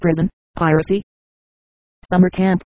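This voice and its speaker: A synthetic text-to-speech voice reading the lines of a cool, self-assured young prince in an audiobook, flat and unvaried. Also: mid-range voice, a little slow, no echo, natural voice, low-quality recording.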